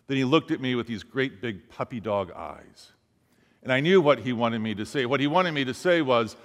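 Long hall reverb surrounds a man preaching as a pastor, his mid-range voice animated and at normal speed. He tells a story and performs the quoted speech of its characters.

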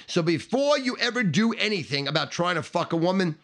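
A middle-aged man with a gravelly, fry-laden voice and a bright, forceful edge, telling a profane and boastful story. He swaggers, hammers his points and builds through repeated phrases. His voice sits a little higher than most men's. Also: lively intonation, fairly quick.

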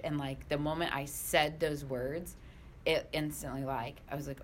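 A woman's voice: sits low, fairly even intonation, moderate pace, slight background noise. A woman coaching at a youth soccer club, telling a story in a chatty way full of "like". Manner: chatty, lots of "like". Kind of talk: casual storytelling on a panel.

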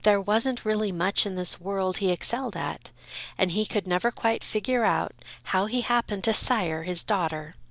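A woman's voice: mid-range voice, normal speed, fairly bright tone, dry recording. A woman narrating a storybook in a wry, dry storytelling manner.

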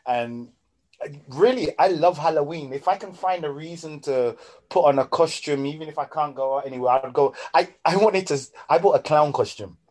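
A man from the United Kingdom with a somewhat high voice joins in on a relaxed conversation. He sounds keen and a little teasing, and he stumbles and restarts his sentences as he talks. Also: normal speed. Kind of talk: casual chat.

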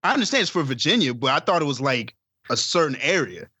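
A young man co-hosting a podcast, asking questions in lively back-and-forth chat. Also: on the high side, fast talker, husky, no room sound. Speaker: podcast co-host. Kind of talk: casual chat.

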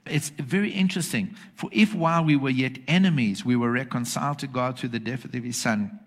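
Male preacher, mid pitch, emphatic, checks in with the congregation. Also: a little fast. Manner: emphatic, asks the congregation for agreement. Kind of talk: sermon. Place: church with congregation.

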